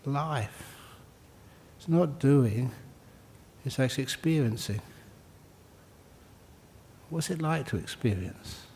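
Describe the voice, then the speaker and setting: Older male monk, dharma teacher; mellow, humorous, conversational. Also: mid-range voice, animated, takes it slowly, creaky, long pauses. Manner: joking, conversational, repeats phrases for emphasis. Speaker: Buddhist monk teaching meditation. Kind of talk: dharma talk answering questions.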